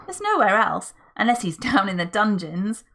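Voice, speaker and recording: A woman reading the part of a bold, frank tomboy girl, in a brisk, matter-of-fact way. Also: medium pitch, sing-song, vocal fry, sharp tone, heavily acted. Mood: cheerful.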